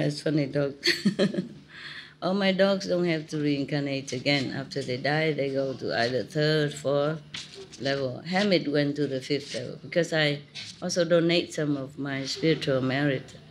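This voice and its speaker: A woman's voice: low-pitched, unhurried, a little hiss or hum. A woman spiritual teacher giving an informal talk, telling stories in chatty, simple English and laughing often.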